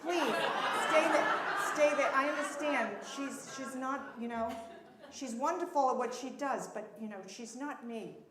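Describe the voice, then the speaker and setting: On stage in a temple event hall, a woman with a high voice performs live character comedy as a therapist, speaking unhurriedly into a handheld mic. She comes across flustered and effusive, rambling and restarting often. The roomy hall carries crowd noise, audience chatter, and laughter.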